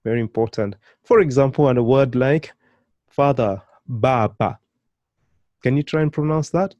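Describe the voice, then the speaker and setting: A man's voice: mid-range voice, dark tone, no room sound, highs cut off. Encouraging man teaching pronunciation. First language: Swahili. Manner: encouraging, prompts learners to repeat, praises often; slow, carefully stretched model pronunciations. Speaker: Swahili teacher. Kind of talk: language lesson.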